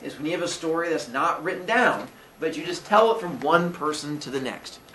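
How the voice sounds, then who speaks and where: A man's voice: a little high, expressive, brisk, sharp tone, recorded from a distance. Playful male teacher in an echoey classroom. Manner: playful, acts out characters. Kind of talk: animated classroom storytelling. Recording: echoey classroom, faint noise.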